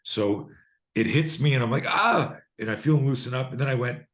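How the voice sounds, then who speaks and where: A man in his sixties, a guest on a video call, telling a personal story in a lively way and swearing freely. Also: mid-range voice, fast. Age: 60s. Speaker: guest, self-defense expert.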